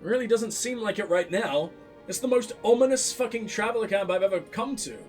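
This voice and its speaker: High-pitched sarcastic gaming host. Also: male voice, brisk, soft background music. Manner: sarcastic, profane and animated. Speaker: let's play host. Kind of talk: casual gameplay commentary.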